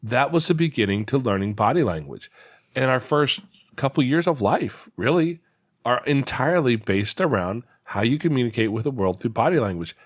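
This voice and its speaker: A man's voice: medium pitch, lively intonation, moderate pace, no room sound, clean studio sound. A man hosting an interview from his office, talking in a reflective, storytelling way and repeating words as he thinks. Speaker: podcast host. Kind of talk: conversational interview. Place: home office.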